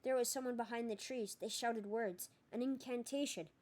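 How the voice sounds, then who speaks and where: A woman's voice: a little high, moderate pace, darkish tone, natural voice. Woman reading a frightened teenage witch. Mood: shaky. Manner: urgent, shaky.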